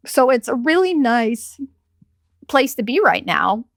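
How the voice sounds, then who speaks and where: A woman's voice: fairly high pitch, sing-song, slow, creaky, fairly bright tone, dry recording, studio quality. Profane, rambling woman in her forties. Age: 40s. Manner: profane, rambling, jokey storytelling. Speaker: podcast host. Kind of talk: casual solo podcast chat.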